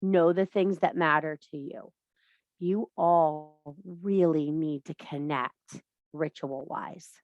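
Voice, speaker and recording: A middle-aged woman, leading a women's circle over a video call, speaks slowly in a deep, steady voice. Her casual workshop talk is blunt and emphatic with a lot of swearing. There's no echo, though the audio is dull.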